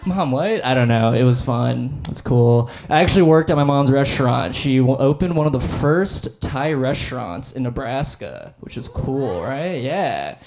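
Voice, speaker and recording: A man's voice: mid-range voice, expressive, normal speed, creaky, few pauses, a little mellow, a little hiss or hum. Laid-back young man doing stand-up. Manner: laid-back, filler-heavy, self-deprecating delivery. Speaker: stand-up comedian. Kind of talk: stand-up comedy set. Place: comedy stage before a live audience.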